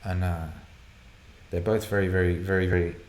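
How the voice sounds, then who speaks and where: A man hosting a live viewer Q&A broadcast from a home studio, excitable and profane, laughing and rambling as he reads out questions. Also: sits low, normal speed, roomy sound. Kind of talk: casual live-stream chat, reading viewer questions.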